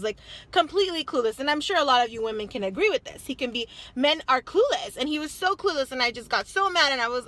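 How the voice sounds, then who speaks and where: A woman's voice: sits high, bright, forceful tone, no echo. A young woman telling a story in a casual confessional vlog, chatty and full of "like" and "you know", blunt and swearing as she gets heated. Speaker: vlogger.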